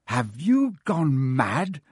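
A man's voice: on the high side, expressive, unhurried, a little mellow, breathy edge, no echo, studio quality. A man voicing a sarcastic, jumpy young schoolboy wizard with a blustering manner. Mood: bellowing.

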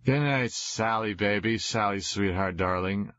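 A man voicing a drunk teenage boy who yells and pleads into a phone, on a dull lo-fi recording. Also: lowish voice, measured pace, no echo. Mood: drunk, pleading. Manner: slurring, loud and pleading.

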